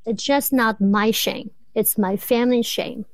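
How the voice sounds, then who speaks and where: A woman in her thirties from rural China, a Chinese native speaker, talking as an interview guest with a clear stutter of repeated sounds and blocks. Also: fairly high pitch, measured pace, no echo. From rural southwest China. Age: 30s. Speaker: guest, doctoral student. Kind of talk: interview conversation.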